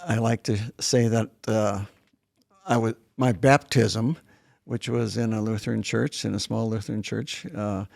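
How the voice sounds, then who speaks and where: A gravelly, deeply creaky older man in his late seventies, raised in northern South Dakota with German as his first language. He talks as an interview guest, leisurely and reminiscing, often restarting his sentences. His voice sounds close and dry. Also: steady tone, a little slow, darkish tone, no room sound. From northern South Dakota, USA. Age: 70s. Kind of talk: casual interview conversation.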